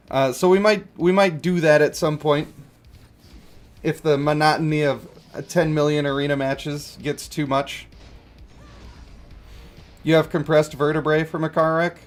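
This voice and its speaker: A man in his thirties streaming a game, rambling and chuckling as he answers chat. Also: on the high side. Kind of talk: casual livestream chat.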